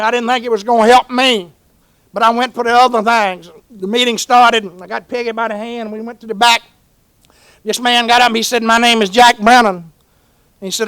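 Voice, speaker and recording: A man's voice: very high voice, a bit bright, clear, resonant tone, no room sound. A man with a Southern US accent gives a folksy, earnest personal testimony as a speaker at a recovery meeting. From Georgia, US.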